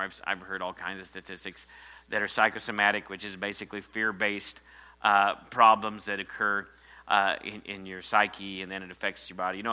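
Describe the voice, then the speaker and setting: Bright-voiced male preacher. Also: on the low side. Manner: preaching with sudden loud rises and drops, calls for amens. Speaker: pastor. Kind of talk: sermon.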